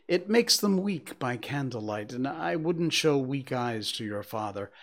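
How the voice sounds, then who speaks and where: A man reading aloud, giving a gentle, weary mother of a poor family steady, softly cheerful lines. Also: medium pitch, a little slow. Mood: tender.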